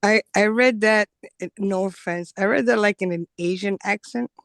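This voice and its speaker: A woman co-hosting a casual podcast, chatting and laughing with quick asides. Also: medium pitch, gravelly, no echo. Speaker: podcast co-host. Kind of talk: casual chat.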